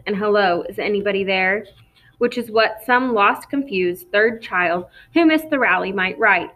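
A woman reading as a scornful, forceful father. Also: medium pitch, lightly acted, poor audio. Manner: cold, sarcastic, commanding. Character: indignant, forceful middle-aged father and official. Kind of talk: audiobook character reading.

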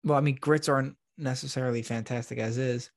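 A man's voice: mid-range voice, fast talker, creaky, dry recording, clean studio sound. A man with a New York accent co-hosting a casual podcast chat, crude and joking. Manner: crude, joking, deadpan banter. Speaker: podcast co-host.

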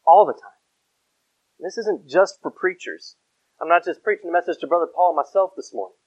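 A man's voice: high voice, fast, no echo, dull audio. A pastor preaching a sermon to his congregation, emphatic, repeating key phrases and asking the people questions. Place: church sanctuary.

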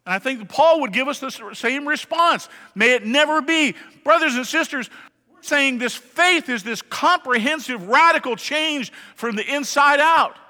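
A man with a high, bright voice preaches a sermon to his congregation, talking conversationally and pressing points with emphasis. He keeps asking the listeners questions. His voice rings with the long reverb of a large church hall. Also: expressive, moderate pace. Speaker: pastor. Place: church sanctuary.

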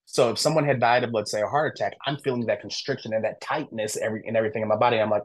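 Man telling a story with animated, casual energy. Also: fairly low pitch, racing, hardly any pauses. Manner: animated, acts out quoted dialogue; candid, informal, with frequent fillers like "I'm like". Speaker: podcast guest.

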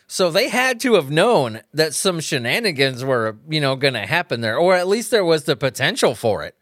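A man's voice: a little high, big pitch swings, normal speed, fairly bright tone, dry recording, studio quality. A man hosting a casual podcast at home, talking into a microphone on a stand. He rambles, swears freely and laughs often. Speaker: podcast host.

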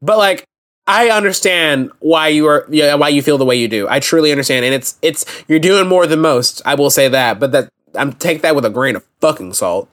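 A man's voice: on the high side, brisk, a bit bright. A young man hosting a solo podcast, ranting in a blunt, impassioned and profane way. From United States. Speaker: podcast host.

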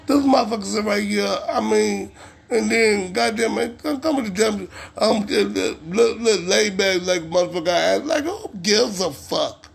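A man hosting a podcast, delivering a heated, profane rant and at times shouting. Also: high-pitched, moderate pace, creaky. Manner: ranting, heated, swearing constantly, sometimes shouting. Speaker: podcast host.

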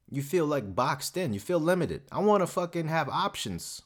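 A man's voice: a little high, very animated, a little fast, hardly any pauses. Profane, rambling male podcast host. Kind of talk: casual solo podcast rant.

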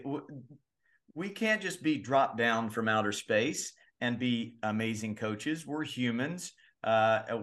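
A man's voice: medium pitch, fairly bright tone. A man co-hosting a coaching podcast, joking and candid, talking with many fillers and restarts. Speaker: baseball coach and podcast co-host. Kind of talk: casual podcast chat.

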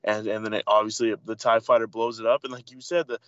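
Man, podcast co-host, enthusiastic, halting restarts, dull lo-fi dry recording. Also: on the low side, level tone, no room sound. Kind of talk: casual chat.

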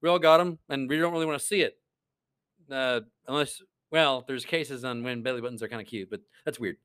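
A man's voice: medium pitch, steady tone, brisk, fairly bright tone, clear, resonant tone, no echo. A man hosting a podcast, giving a casual faith-based monologue in an earnest, rambling way, with many stammered restarts. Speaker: podcast host.

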